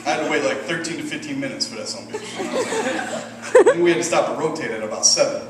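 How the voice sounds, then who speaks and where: A man in his thirties from Michigan doing a stand-up set, deadpan and profane with self-deprecating asides. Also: a little high, fast talker, heavy background noise. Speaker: stand-up comedian. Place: comedy club stage with audience. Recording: roomy distant club recording, loud ambience.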